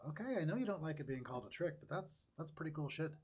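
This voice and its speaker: A man voicing a brisk, friendly halfling woman stablekeeper in a tabletop role-play, blunt and easygoing. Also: fairly high pitch, expressive, darkish tone, breathy edge, voice pushed up. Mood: impressed.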